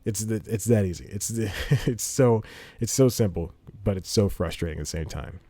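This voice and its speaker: With a fairly low, mellow voice, a podcast host rambles animatedly at normal speed, laughing between phrases. He talks casually into a studio microphone with headphones on, and the recording is dry.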